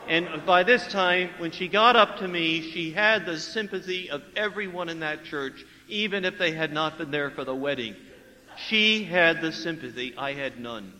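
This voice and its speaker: A priest preaching a sermon, telling a story with lively acted-out dialogue and hushed asides. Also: male voice, a little high, moderate pace, in a large hall, low-quality recording. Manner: animated storyteller acting out dialogue, dropping to hushed tones.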